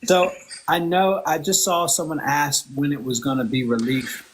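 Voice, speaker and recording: Husky-voiced, upbeat male co-host. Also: a little high, lively intonation, normal speed, poor audio. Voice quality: upbeat, chatty, addresses the audience directly. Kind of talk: casual live show chat.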